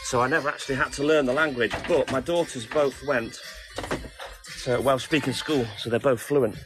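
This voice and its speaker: A man's voice: medium pitch, steady tone, normal speed. A man in his fifties, a milkman chatting casually on a phone live stream and greeting viewers by name. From England. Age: 50s. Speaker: milkman livestreaming. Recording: music playing behind.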